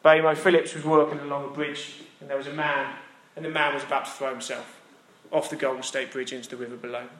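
A man's voice: medium pitch, flat delivery, fast talker, fairly bright tone, echoey room. A man preaching a sermon in a conversational, emphatic way, building his points through repetition. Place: church.

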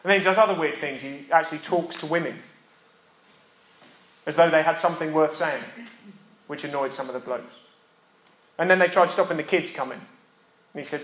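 Man, preacher; conversational but emphatic sermon, pitched a touch high, roomy church echo. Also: brisk, long pauses, a bit bright.

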